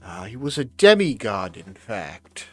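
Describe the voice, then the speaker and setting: A man's voice: on the low side, sing-song, measured pace, a bit bright, dry recording, soft background music, pitched below the performer's own voice, exaggerated voice. A man voicing an elderly grandmother seamstress who tells old tales and calls the listener dearie. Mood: fond storytelling.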